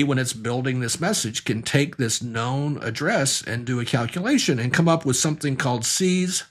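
Husky-voiced man explaining networking. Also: medium pitch, fairly bright tone. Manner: explanatory, talks through diagrams step by step. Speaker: networking instructor. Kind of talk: recorded technical lesson.

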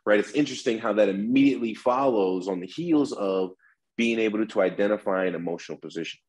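A man's voice: lowish voice, fast talker, darkish tone, husky, rough recording. A man, a negotiation instructor, giving explanatory interview answers, acting out example phrases with shifting inflection.

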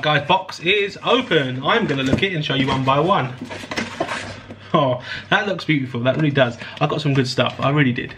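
An excited man talks his viewers through an unboxing in a casual, chatty way. His voice sits a little high and sounds bright and forward. A slight huskiness runs under it. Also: breathy edge. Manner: enthusiastic, chatty, addresses viewers as guys. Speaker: host.

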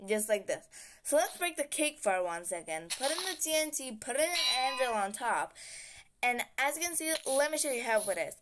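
A woman's voice: sits high, big pitch swings, normal speed, noisy background. A woman giving casual, playful game-tutorial commentary, chatting and humming sound effects as she builds. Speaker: gaming channel host.

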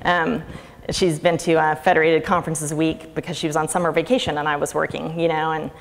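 A woman's voice: low-pitched, level tone, brisk, vocal fry. A middle-aged woman giving a chatty, sarcastic conference talk in a lecture hall. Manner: chatty, sarcastic, laughs often. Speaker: conference speaker. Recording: reverberant hall with faint ambient noise.

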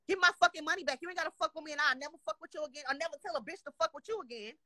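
A woman's voice: high voice, very fast, sharp tone, no echo. A woman from Dallas, Texas, ranting angrily and swearing constantly on a live show, upset and heated, often saying "you know what I'm saying.". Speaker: guest complaining on a live show. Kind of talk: angry rant.

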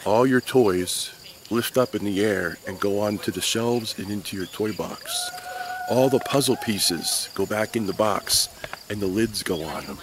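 Animated man telling a Bible story. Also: fairly low pitch, noisy background. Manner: animated storyteller who keeps checking in with the kids. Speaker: Sunday school teacher. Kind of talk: Bible story told to children.

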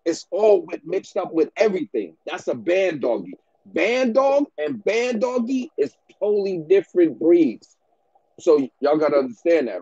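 A man's voice: high voice, darkish tone, husky, no echo, dull audio. A man who breeds dogs, giving business advice in a casual rant to the camera, slangy and repetitive, often ending lines with "bro" and "man".

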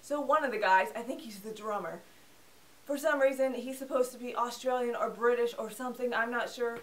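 A woman's voice: on the high side, brisk, fairly bright tone. Sarcastic young woman reviewing films. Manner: chatty and sarcastic. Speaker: film review host. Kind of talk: casual film review. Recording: voice a bit distant from the mic.

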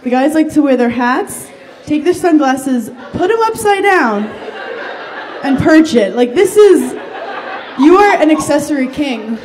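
A woman stand-up comedian in her thirties teasing the audience with brash, quick banter on a club stage. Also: high-pitched, expressive, a little mellow. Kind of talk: stand-up crowd work. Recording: live club recording with crowd noise. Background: audience laughter and noise.

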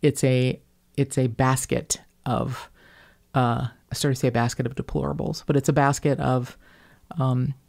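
A woman hosting a podcast, with a faint Northern Kentucky accent in her vowels and cadence. She talks in long, rambling, animated stories full of asides. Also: rumbling low, normal speed, vocal fry. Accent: slight Northern Kentucky. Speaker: podcast host. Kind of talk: casual podcast chat.

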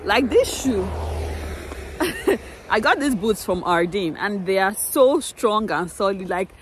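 A woman's voice: mid-range voice, big pitch swings, slow pace, slight background noise. A woman, chatting casually to her viewers in a vlog and laughing often, recorded outdoors in winter on a phone. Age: 30s. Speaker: vlogger. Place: outdoors in winter, streets and snow.

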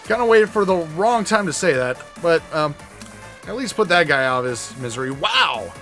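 Animated high-voiced man commentating a game. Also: normal speed, soft background music. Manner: animated, shouty, puts on voices for characters. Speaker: gameplay commentator. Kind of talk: comedic let's play commentary.

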